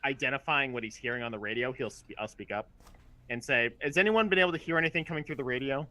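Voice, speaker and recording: A man playing in a tabletop role-playing game, talking haltingly with many restarts. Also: mid-range voice, bright, forceful tone. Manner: halting, lots of restarts and fillers. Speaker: player. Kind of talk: casual tabletop play.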